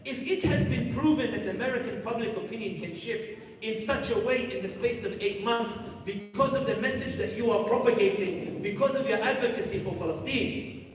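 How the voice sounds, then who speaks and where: A man's voice: sits high, moderate pace. Man giving a fired-up talk to a crowd, distant mic, long hall reverb. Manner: emphatic, rhetorical questions, crowd-directing. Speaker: speaker at a youth conference. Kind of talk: live public talk. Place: large conference hall. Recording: echoey hall from far off.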